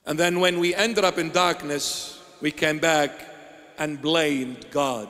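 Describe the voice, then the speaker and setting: Bishop guy preaching, high voice, asks and answers his own questions, big echoey church. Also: steady tone, a bit bright. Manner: rhetorical questions answered by himself, slow emphatic delivery. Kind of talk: sermon.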